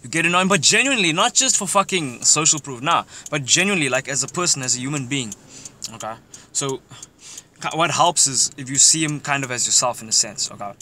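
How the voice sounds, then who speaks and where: A man's voice: mid-range voice, animated, a little fast, pushed and bright. A young man giving loose, profane social advice in casual chat while driving, laughing often. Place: in a car, driving outdoors. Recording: noisy car interior. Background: car and street noise.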